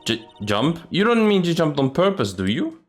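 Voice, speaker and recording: A man's voice: fairly high pitch, big pitch swings, moderate pace, soft background music, voice pushed up. A man voicing a young, earnest female defense attorney who asks careful, probing questions.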